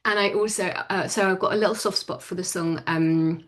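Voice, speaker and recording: A woman's voice: lowish voice, fairly even intonation, normal speed. A woman in her forties, chatting as an interview guest, laughing often and restarting her sentences. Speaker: podcast guest, business owner. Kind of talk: casual interview chat.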